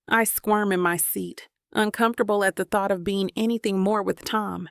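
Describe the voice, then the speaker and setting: A woman narrating a first-person romance audiobook in an even, steady reading voice. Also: mid-range voice, moderate pace, creaky, few pauses, no echo, studio quality.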